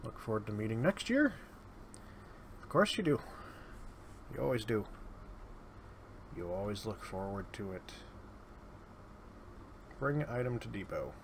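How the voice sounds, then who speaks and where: A man's voice: on the low side, very animated, a little slow, pauses often, background noise. A man giving casual, sardonic gameplay commentary, muttering his way through lists of items. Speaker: let's play host. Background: keyboard typing.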